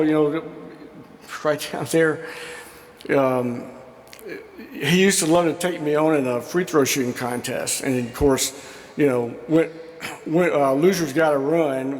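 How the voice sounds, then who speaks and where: A man's voice: mid-range voice, a little hiss or hum. A man telling affectionate stories at a memorial, with lots of fillers and imitations of his old coach, speaking at a podium mic in a large school gym. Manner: warm storytelling with fillers, mimics quoted coach. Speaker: memorial speaker, former player. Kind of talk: anecdotal eulogy. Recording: echoey gym with long reverb.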